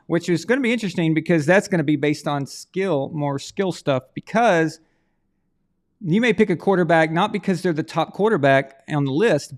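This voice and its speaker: A man with a fairly high, gravelly voice, hosting a live stream. He rambles in a loose, chatty way and talks straight to the people watching as he runs a draw. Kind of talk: casual live stream chat, running a prize draw.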